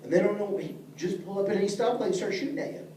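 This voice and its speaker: Racing along in a high, warm voice, a middle-aged man speaks directly to the people in his leadership class. His manner is earnest and plain-spoken, and the recording has an echoey room, a far-off mic and faint noise.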